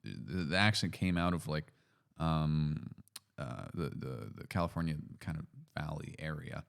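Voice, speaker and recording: A man from Canada hosting a podcast, talking in a relaxed, hesitant way with lots of fillers. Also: a bass voice, a little slow, vocal fry, clean tone. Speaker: podcast host. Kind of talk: casual chat.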